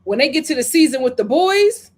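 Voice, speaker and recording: Fairly quick and high-voiced, a woman chats her way through a casual live-stream review, reading viewer comments and giving animated, dramatic retellings.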